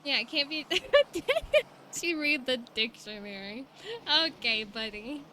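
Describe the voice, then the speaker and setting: A woman's voice: fairly high pitch, normal speed, bright, forceful tone, slight background noise. A young woman, chatting casually and rambling to her stream viewers.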